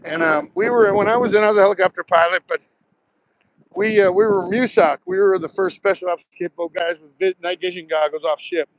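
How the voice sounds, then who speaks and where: A man's voice: high-pitched, steady tone, fairly quick, no room sound, low-quality recording. A man in his sixties from Southern New Jersey, rambling through stories on a casual live stream while walking on a beach, phone in hand. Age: 60s. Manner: rambling, storytelling, swears casually. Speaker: live streamer, retired Marine pilot. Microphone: phone held while walking.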